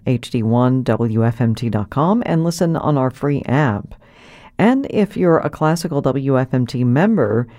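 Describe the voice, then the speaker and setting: Mellow-voiced male classical radio announcer. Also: medium pitch, no echo, studio quality. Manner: measured, formal announcing. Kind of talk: on-air continuity announcing. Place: radio studio.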